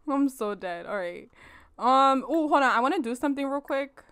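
Lively bright-voiced young woman gamer. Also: high voice, measured pace. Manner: animated, laughing, slangy, talks to viewers as "y'all". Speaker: let's play host. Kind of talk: casual gameplay commentary.

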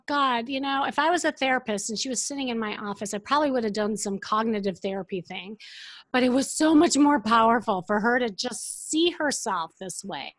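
A woman dating coach and therapist telling a client story in an interview, animated and full of fillers. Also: a little high, brisk, no echo.

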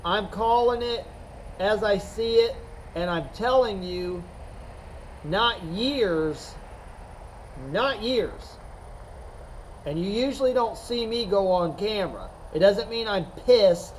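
Slow, emphatic chess coach, high voice. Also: male voice, slight background noise, poor audio. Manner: rambling, emphatic, repeats himself. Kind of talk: unscripted talk to camera.

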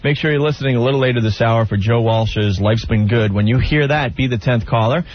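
Brisk male radio host. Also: medium pitch. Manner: brisk announcer reads. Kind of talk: morning-radio banter and prank call. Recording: dull radio audio with music.

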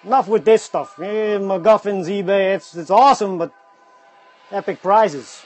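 A man hosting a casual livestream, excitedly exclaiming over items as he unboxes them on a phone mic. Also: high voice, unhurried, soft background music. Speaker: livestream host.

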